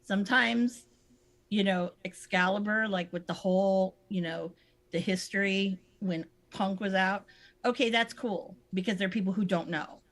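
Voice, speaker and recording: A woman's voice: medium pitch, normal speed, a bit bright. Laughing, easygoing woman co-host. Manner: easygoing, laughs often, agrees a lot. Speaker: podcast co-host. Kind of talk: casual chat.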